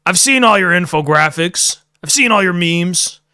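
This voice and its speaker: Man putting on a slow-drawling pondering guy, bright, clear, dry close sound. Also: high voice, animated, dry recording, full character voice. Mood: musing.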